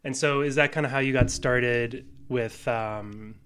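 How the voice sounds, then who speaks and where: A man's voice: medium pitch, fairly even intonation, unhurried, a bit bright, smooth. A man hosting a podcast, asking short questions and giving brief replies. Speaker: podcast host. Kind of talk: casual conversation.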